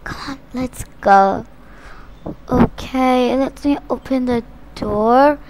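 A woman's voice: high-pitched, takes it slowly, a little mellow, slight background noise. A young woman giving playful, dramatic play-by-play of a zombie game, often shrieking in mock panic. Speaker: gaming channel host.

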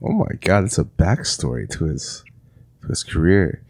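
A man's voice: low voice, big pitch swings, moderate pace, darkish tone, slightly rough, no echo, studio quality. A man co-hosting a casual podcast, teasing and playful. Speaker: podcast co-host. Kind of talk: casual chat.

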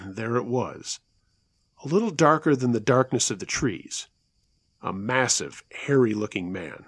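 A man telling a listener's true scary story in a conversational way, slowing down at the tense moments. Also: medium pitch, slightly rough, no room sound. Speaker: storyteller, show host.

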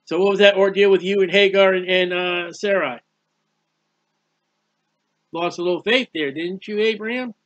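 A man's voice: high voice, normal speed, long pauses, a bit bright, dull audio. A man giving a conversational Bible teaching, plain-spoken, repeating phrases and firing rhetorical questions. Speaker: preacher.

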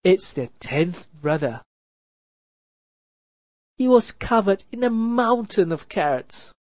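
Woman storyteller for a kids' lesson, very slow and deliberate, lower voice, dry close sound. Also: dry recording. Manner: clear, deliberate, expressive. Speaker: storyteller for a children's math lesson. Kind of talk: slow read-aloud children's story narration.

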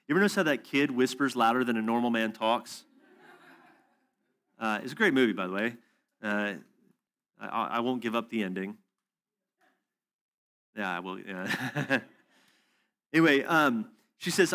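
A man preaching at a conference session, telling a story in an animated way and acting out both sides of a conversation. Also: mid-range voice, fairly quick. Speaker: conference speaker. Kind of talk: storytelling sermon. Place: church hall or conference room.

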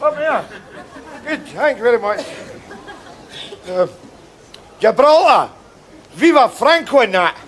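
A man's voice: very high voice, big pitch swings, slow pace, pauses often, a bit bright, a faint crowd, exaggerated voice. An actor with a Glaswegian accent playing a scruffy, boastful working man on holiday in a sitcom, rambling and chuckling. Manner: rambling, cheeky, chuckling asides. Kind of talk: sitcom acting.

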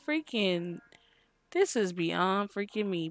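A woman's voice: medium pitch, animated, slow pace. Exasperated woman scolding her game characters. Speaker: gaming channel host. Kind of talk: casual game commentary.

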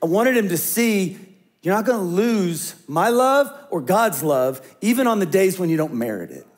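A middle-aged man preaching a sermon as a pastor, talking conversationally and dropping to a hush when he tells stories. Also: sits high, expressive, normal speed.

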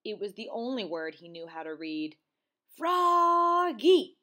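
A woman teacher reading a children's storybook aloud, in an expressive, sing-song way. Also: deep voice, brisk.

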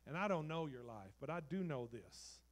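Preaching man, soaring then hushed. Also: fairly high pitch, big pitch swings, normal speed. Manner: preaching with loud dramatic swells, then dropping to soft, intimate talk. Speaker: pastor. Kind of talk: sermon. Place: church sanctuary.

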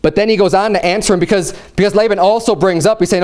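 A man's voice: high-pitched, fast talker, few pauses. A young American man preaching a conversational Bible sermon, acting out the people he quotes. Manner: animated, acts out quoted voices, conversational.

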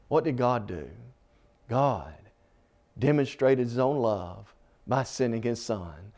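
A man's voice: medium pitch, lively intonation, takes it slowly, pauses often, a little mellow. A man preaching a televised sermon, reading scripture with impassioned, swelling emphasis and calling the listener "friend.".

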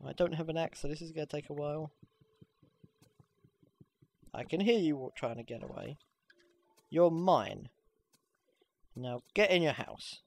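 A gamer giving casual, excitable gameplay commentary, swearing freely and squealing when things go well. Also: mid-range voice, a little slow, pauses often. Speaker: let's play gamer.

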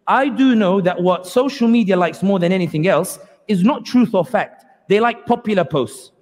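A man's voice: sits high, moderate pace, a little mellow. A man giving a passionate, sarcastic public lecture at a community event, acting out quoted speakers. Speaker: guest speaker. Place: community hall. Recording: long hall reverb.

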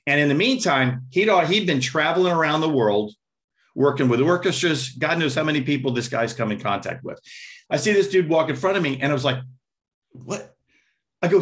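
A male drummer in a relaxed interview, swinging his voice up and down as he tells his stories. His tone is bright and forward, a little higher than most men, and he scats drum patterns and acts out the people in them. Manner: animated, vocalizes rhythms and acts out quotes. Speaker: guest drummer and percussionist. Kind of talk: casual interview storytelling.

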